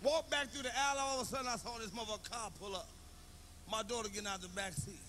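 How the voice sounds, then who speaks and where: A man with a high voice tells a profane stand-up story in short, punchy bursts. He shouts the quoted lines, and clear background noise runs under the recording. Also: steady tone, fast. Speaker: stand-up comedian.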